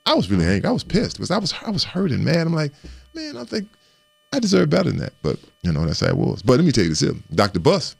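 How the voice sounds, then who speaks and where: A man in a casual interview, an animated storyteller who stumbles over and repeats words as he recounts his past. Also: mid-range voice, racing, vocal fry, few pauses, dry recording. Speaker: guest recounting his playing career.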